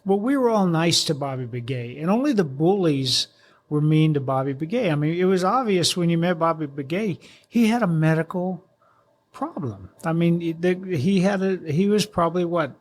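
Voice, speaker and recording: A man's voice: fairly high pitch, moderate pace. A man and retired fire officer telling stories in a casual chat, rambling and restarting as he goes. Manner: animated, rambling storyteller with restarts.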